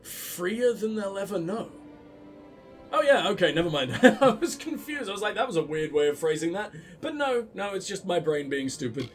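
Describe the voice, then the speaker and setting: A man's voice: high-pitched, sing-song, brisk, few pauses, soft background music. A man giving casual, profane, sarcastic commentary while playing a video game. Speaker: let's play host.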